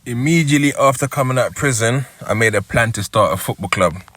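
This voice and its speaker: A London man in his thirties recounts his life story in a relaxed, chatty way, often pausing to check in with the listener. His voice sits in a middle range and the recording is dry and close, with no room sound. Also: mid-range voice, no echo. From East London. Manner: conversational, checks in with "yeah?". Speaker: storyteller and football club founder. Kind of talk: first-person storytelling.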